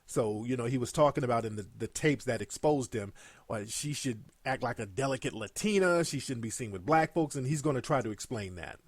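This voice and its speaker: Animated man giving blunt commentary. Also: mid-range voice, fairly quick, no room sound. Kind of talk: commentary over played clips.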